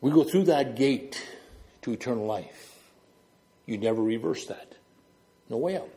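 Animated storytelling preacher from New Brunswick. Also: male voice, medium pitch, measured pace. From New Brunswick, Canada. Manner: storytelling, illustrating with gestures, walking back and forth. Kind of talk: sermon.

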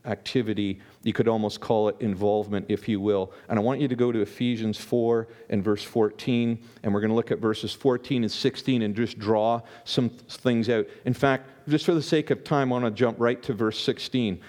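A man's voice: on the low side, steady tone, moderate pace, few pauses, darkish tone. A man preaching a conversational sermon as a pastor, often repeating words and restarting his sentences.

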